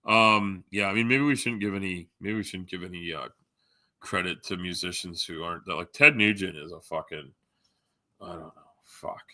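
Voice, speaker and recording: A man's voice: deep voice, moderate pace, pushed and bright, no room sound, studio quality. A Canadian man hosting a live stream, chatting casually with viewers in a rambling, joking, profane way. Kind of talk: casual chat reading viewer comments.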